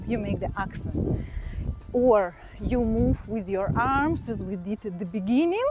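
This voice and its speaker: Woman counting out a belly dance class. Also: mid-range voice. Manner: counts beats aloud and cues body posture. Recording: loud background noise.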